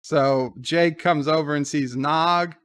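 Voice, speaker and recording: A man's voice: fairly high pitch, fairly even intonation, takes it slowly, fairly bright tone, clear, resonant tone. A man hosting a live watch-along, casually retelling scenes in loose paraphrase and answering viewer chat. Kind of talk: casual live episode commentary.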